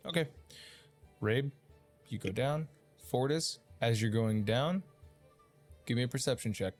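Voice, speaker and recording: A man's voice: mid-range voice, a little slow, a little mellow, faint music behind. A man narrating a tabletop game as dungeon master, in a loose, profane, rambling way.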